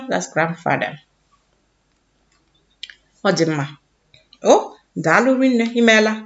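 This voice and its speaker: A woman teaching a children's language lesson, saying each word slowly and repeating it for learners to echo. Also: medium pitch, animated, highs cut off.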